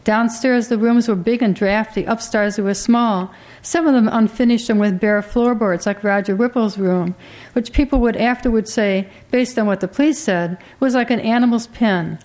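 A woman's voice: a little high, normal speed, a little mellow. Woman reading a literary audiobook. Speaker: audiobook narrator.

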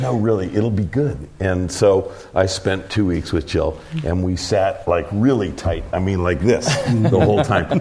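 A man's voice: deep voice, a little mellow. A middle-aged man, a producer and director, telling a rambling anecdote in an interview, full of fillers and restarts. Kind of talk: interview storytelling.

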